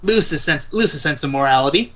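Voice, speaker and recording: A young man talks through his character's moves in a tabletop game, circling back and repeating himself. His voice sits high and sounds bright and forward. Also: expressive, brisk. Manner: rambling, repeats words, slips into his character's voice. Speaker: player. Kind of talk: tabletop role-play chat.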